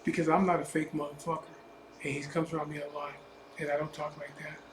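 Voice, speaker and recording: Fast and flat, a slightly high male voice delivers a personal anecdote in a biker vlogger's casual style. He's emphatic and blunt and swears freely, and there's an echoey room with faint ambient noise behind him.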